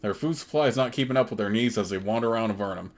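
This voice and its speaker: A man's voice: on the low side, rapid-fire. A man hosting a let's play, reading the game's text aloud steadily with casual asides.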